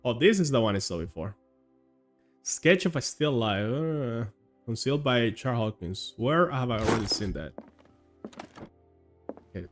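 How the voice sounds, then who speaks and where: A man's voice: medium pitch, animated, moderate pace, long pauses, faint music behind. A man streaming a game live and chatting casually, laughing often and swearing now and then. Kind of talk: live gameplay commentary.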